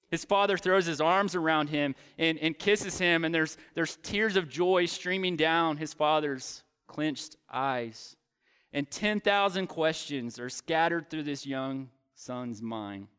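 A man preaching a sermon, retelling a Bible story with dramatic pauses and voiced lines for the characters. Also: on the high side, fairly bright tone, clear, resonant tone.

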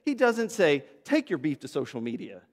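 A man's voice: fairly high pitch, huge pitch swings, normal speed. A man preaching a sermon to his congregation in a conversational, storytelling way, with asides to people in the room. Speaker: pastor. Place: church sanctuary. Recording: long reverb of a church hall.

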